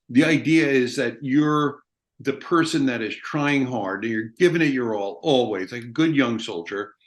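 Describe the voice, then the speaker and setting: A middle-aged American man, an army veteran guest in an interview, talking in a blunt, emphatic way and swearing freely. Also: mid-range voice. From United States. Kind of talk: casual interview talk.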